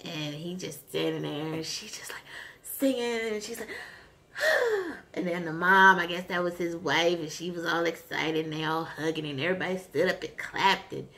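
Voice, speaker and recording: Gravelly-voiced woman animatedly retelling a show. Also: low-pitched, fairly quick, hardly any pauses. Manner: animated retelling, lots of fillers and acted-out quotes. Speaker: vlogger recapping a TV episode. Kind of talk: casual chat.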